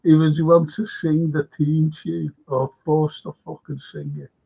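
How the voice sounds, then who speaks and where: Chatting in a meandering, casual way on his live stream, a man frequently lowers his voice almost to a whisper. His voice is a little high, gravelly, mellow, and slightly rough, measured in pace with little pitch movement, and the webcam or desk mic audio has its highs cut off.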